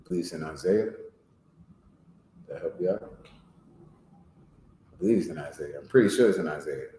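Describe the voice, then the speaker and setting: A man with a lowish voice leads an informal Bible class, breaking verses down in everyday slang and asking his listeners whether they follow. His voice carries the echo of the room he is speaking in. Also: normal speed, dark tone, a little hiss or hum. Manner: explains verses in plain slang, often asks "you know what I'm saying?". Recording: echoey room.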